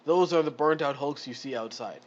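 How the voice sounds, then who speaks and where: A man's voice: medium pitch, brisk, dull audio, natural voice. A man reading out the lines of a formal elderly village man from an adventure module, in stiff formal phrasing. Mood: grave.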